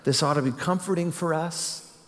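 A man preaching a sermon, slow and reflective, repeating his phrases for emphasis. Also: on the high side, a bit bright. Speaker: pastor. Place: church building. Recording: long reverb of a church hall.

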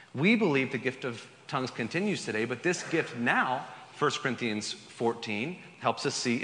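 In a church sanctuary, a male pastor gives a Sunday sermon, conversational and emphatic, with asides to the congregation. His medium-pitched voice has a sharp tone, and the recording has long hall reverb.

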